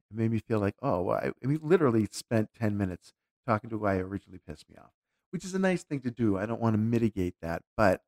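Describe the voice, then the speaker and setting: A man's voice: on the low side, creaky, darkish tone, no room sound, studio quality. A man talking casually and candidly, reflecting aloud as he tells a personal story with frequent restarts.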